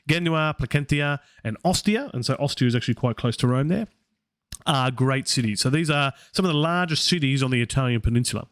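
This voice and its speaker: A man's voice: mid-range voice, expressive, brisk, no room sound, clean studio sound. An Australian man hosting a live Latin study session, thinking aloud with many fillers as he works through the text.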